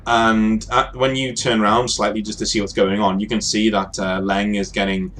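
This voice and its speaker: A man narrating as game master of a tabletop game, relaxed and full of pauses. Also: fairly low pitch, a little hiss or hum. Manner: relaxed, hesitant with many fillers.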